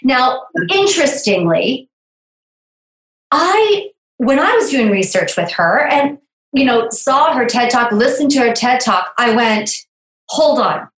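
A woman's voice: high voice, expressive, measured pace, fairly bright tone, echoey room, rough recording. A woman hosting a podcast over a video call, talking in an enthusiastic, exclaiming way. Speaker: podcast host. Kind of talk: casual interview chat.

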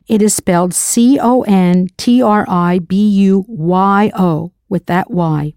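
A woman teaches a recorded language lesson, spelling words out letter by letter and then prompting the listener to answer. Her voice is mid-range with a dark tone, recorded at studio quality with no room sound.

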